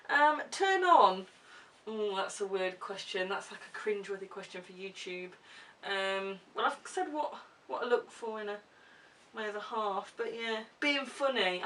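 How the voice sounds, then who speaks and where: A woman's voice: medium pitch, fairly bright tone. A young woman chatting casually to camera as a vlogger, giggly and full of ums. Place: room at home. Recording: distant camera mic with hiss.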